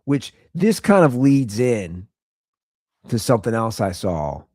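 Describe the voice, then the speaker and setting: A man's voice: medium pitch, sing-song, takes it slowly, dark tone, dry recording, studio quality. A man in his thirties hosting a podcast, ranting sarcastically in a comedic solo riff. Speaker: podcast host.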